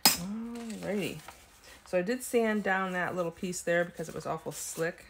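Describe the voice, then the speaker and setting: A woman's voice: lowish voice, steady tone, moderate pace, very noisy. A woman hosting a casual craft video, chatting and thinking aloud as she works at her desk. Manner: talks with frequent ums and small laughs. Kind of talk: casual craft tutorial chat.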